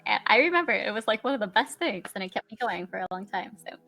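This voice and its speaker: A young woman guest chatting casually on a live stream, telling animated stories and voicing little asides. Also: mid-range voice, quick pace, vocal fry. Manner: chatty, animated storytelling with laughs and voiced asides. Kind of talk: casual chat.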